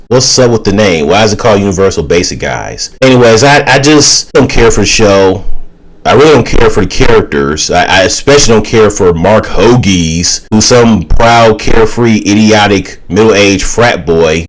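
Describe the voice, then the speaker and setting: Guy ranting casual and fed up, lowish voice. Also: low-quality recording. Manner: exasperated, ranting. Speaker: YouTuber. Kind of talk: casual opinion rant.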